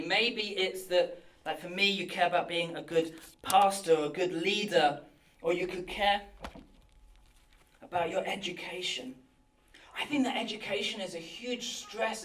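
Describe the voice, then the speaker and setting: Earnest pastor preaching in a hall. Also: male voice, high voice, moderate pace. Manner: earnest and animated, acting out inner thoughts. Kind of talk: sermon. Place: church hall. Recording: roomy hall from a distance.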